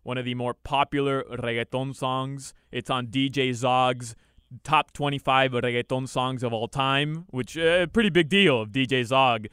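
Man, bright clear voice, dry close sound, playful boasting banter. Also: medium pitch, measured pace, dry recording. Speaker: radio show co-host. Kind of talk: casual sports radio banter.

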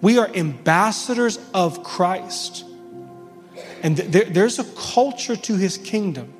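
A man's voice: high voice, lively intonation, slow, long reverb tail, faint music behind. A pastor in his thirties preaching a sermon in an earnest, emphatic way, often restarting his sentences.

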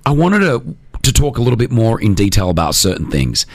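A man hosting a radio show, energetic and teasing as he runs a game with a guest. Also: lowish voice, fairly quick, dry recording. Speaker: radio host. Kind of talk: radio show chat and interview.

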